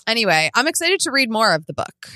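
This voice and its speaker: A woman's voice: on the high side, sing-song, fast, sharp tone, no room sound, studio quality. A woman co-hosting a podcast in casual chat, bubbly and laughing often. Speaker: podcast co-host.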